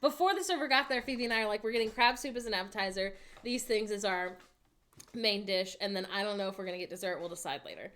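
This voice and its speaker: A woman's voice: medium pitch, fast talker, fairly bright tone. A young woman co-hosting a stream in casual chat, chiming in with corrections. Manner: chimes in with short corrections and laughs. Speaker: co-host of a streaming show.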